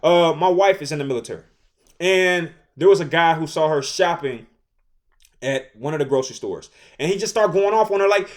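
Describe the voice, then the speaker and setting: A man in his thirties giving casual opinion commentary, animated and repetitive, with slang. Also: on the high side, a little fast. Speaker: commentary host.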